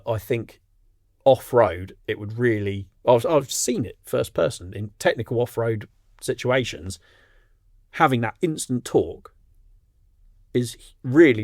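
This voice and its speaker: A man's voice: medium pitch, animated, a little slow, no echo, studio quality. A man co-hosting a podcast in casual chat, reading out listener messages between his own remarks. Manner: chatty, reads listener messages aloud. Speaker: podcast co-host.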